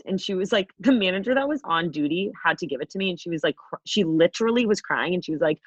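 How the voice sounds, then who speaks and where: Brash fast-talking young woman. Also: lowish voice, breathy edge, no room sound, muffled recording. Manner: brash, profane and animated. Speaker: podcast co-host. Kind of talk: casual storytelling chat.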